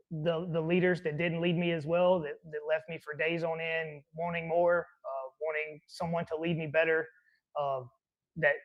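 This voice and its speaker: A man's voice: fairly high pitch, a bit bright, muffled recording. A man who is a fire captain, answering interview questions earnestly and reflectively, with many restarts. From American South.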